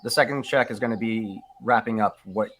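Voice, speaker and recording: A man's voice: on the low side, fairly quick, fairly bright tone, slight background noise. Rambling man running a tabletop game. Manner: rambling, full of fillers and restarts. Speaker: game master.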